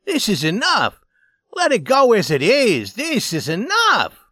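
A man's voice: high voice, wildly swooping pitch, unhurried, sharp tone, no echo, studio quality, pitched above the performer's own voice, heavily acted. A man voicing an anxious male peacemaker who begs the others to stop. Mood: pleading. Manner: begging, pleading.

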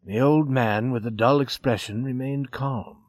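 A man reading a story aloud as narrator, steady and expressive. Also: mid-range voice, unhurried, dry recording, clean studio sound.

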